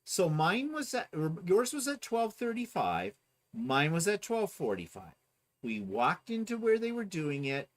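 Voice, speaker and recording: A man's voice: high voice, wildly swooping pitch, unhurried. A man co-hosting a casual chat, animatedly telling a story and mimicking other people. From Ontario, Canada. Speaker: co-host.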